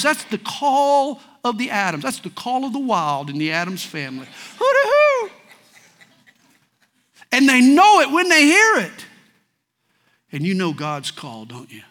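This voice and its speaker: A man preaching a sermon in a folksy way, swinging between loud declarations and soft asides. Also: sits high, expressive, normal speed. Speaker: pastor.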